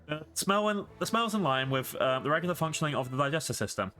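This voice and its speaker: A man's voice: on the high side, lively intonation, fast, bright, forceful tone, soft background music. A man voicing an eccentric female scientist who is curious, blunt and matter-of-fact, reading game dialogue aloud. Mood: clinical.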